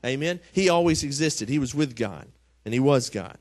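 Man, conversational sermon, mid-pitched voice, dry close sound, repeats his words. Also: a little fast, no echo. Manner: conversational preaching, often repeats words and asks "Amen?". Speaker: pastor.

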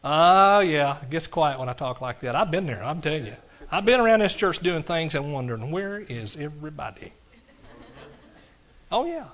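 A middle-aged man, preaching a folksy, animated sermon to his congregation and often talking to them directly. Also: on the high side, muffled recording. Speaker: pastor.

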